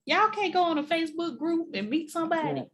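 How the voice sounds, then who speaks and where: A woman co-hosts a casual TV recap in a jokey, expressive way. Her pitch moves a lot, and she swings between loud bursts and soft asides. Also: quick pace. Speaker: podcast co-host.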